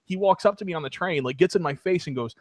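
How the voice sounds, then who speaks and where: A man's voice: on the high side, quick pace, background noise. A man telling rambling stories as a podcast co-host in casual chat. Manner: rambling storyteller, loud when acting out shouts.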